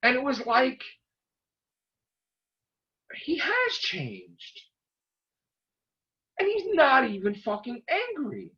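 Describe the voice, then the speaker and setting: A man's animated profane rant, lo-fi. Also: very high-pitched, extremely slow, long pauses. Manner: profane, excitable, rambling. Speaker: YouTube vlogger. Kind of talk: casual rant to camera. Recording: dull lo-fi recording.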